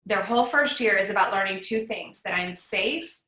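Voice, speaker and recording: A woman guesting on a live online parenting summit teaches via video call, encouraging and conversational. Her mid-range voice is bright and forceful at normal speed, captured in an echoey room on a low-quality recording.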